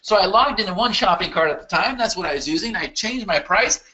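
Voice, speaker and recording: Guy hosting a webinar, pumped up and repetitive, bright voice bouncing all over. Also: high-pitched, animated, a little fast, lo-fi sound. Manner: emphatic, repetitive, hyped. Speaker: webinar presenter. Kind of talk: motivational sales pitch.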